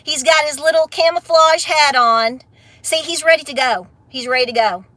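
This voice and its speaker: Fiery woman with a bright, high voice. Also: moderate pace, dry recording. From Appalachia. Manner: fiery and blunt, then laughing and affectionate. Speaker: homestead vlogger. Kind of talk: casual livestream rant to viewers.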